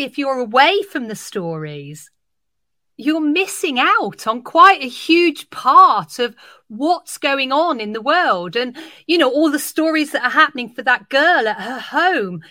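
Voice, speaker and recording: Animated bright-voiced woman educator. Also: high-pitched, no echo. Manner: animated, acts out dialogue while telling stories. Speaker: early years storytelling educator. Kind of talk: podcast conversation, telling an anecdote.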